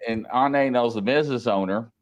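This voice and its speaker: A man hosting a casual livestream, telling stories in a lively way and laughing often. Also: medium pitch, moderate pace, dull audio. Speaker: livestream host. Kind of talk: casual livestream chat and storytelling.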